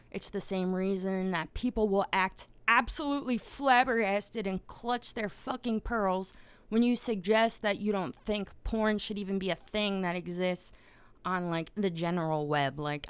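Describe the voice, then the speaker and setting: A woman's voice: medium pitch, clear, resonant tone, dry recording. A woman hosting a podcast, giving a casual, blunt monologue full of swearing. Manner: blunt and profane, grows loud and heated. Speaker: podcast host.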